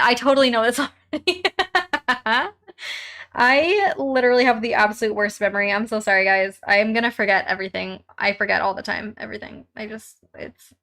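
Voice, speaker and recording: A woman's voice: fairly high pitch, pushed and bright. A young woman hosting a casual live stream from home while crafting, chatting with viewers and reading their comments aloud in a bubbly way, laughing often.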